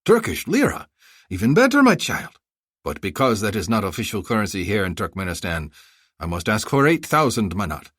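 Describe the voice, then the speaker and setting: A man voicing a fawning, talkative male bazaar vendor who flatters and haggles. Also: lowish voice, brisk, husky, no room sound, clean studio sound, heavily acted. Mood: wheedling.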